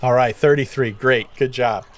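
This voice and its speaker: A man narrating as game master of a tabletop game, casual and animated. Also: medium pitch, moderate pace. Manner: casual, animated storytelling with many fillers.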